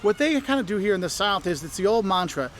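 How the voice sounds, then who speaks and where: A man's voice: high voice, very animated, quick pace, slight background noise. A man giving friendly, instructive travel advice to camera, sometimes acting out what locals say. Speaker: travel video host. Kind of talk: advice video, spoken to camera.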